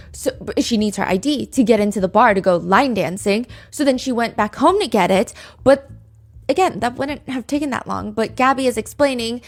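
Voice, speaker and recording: A woman with a somewhat high voice hosts a true crime podcast, telling the story in a casual, talkative way. She scatters "like" through her sentences and breaks off into lively asides as she goes. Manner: chatty, frequent "like" fillers.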